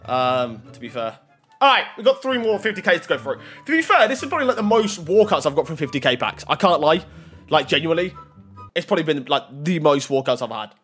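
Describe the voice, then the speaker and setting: A young man giving excitable pack-opening commentary on a video game, bursting into shouts over big pulls. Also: high-pitched. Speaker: gaming YouTuber.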